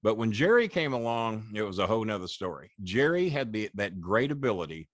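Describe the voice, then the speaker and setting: A man in his sixties, a former wrestling manager, telling animated, profane anecdotes as a guest in an interview. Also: on the low side, brisk, dry recording, clean studio sound. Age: 60s. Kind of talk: storytelling interview.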